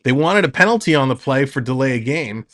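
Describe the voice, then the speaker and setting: A man's voice: medium pitch, animated, fairly quick, fairly bright tone. A man streaming live hockey play-by-play, calling the action in short bursts and chatting with viewers between plays.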